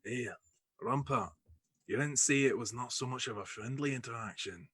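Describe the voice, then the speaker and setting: A man's voice: mid-range voice, moderate pace, a bit bright, breathy edge, no room sound. A man voicing a boisterous, burly gang leader in a tabletop game, hearty and roaring. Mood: gruff. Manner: roaring, hearty, says aye.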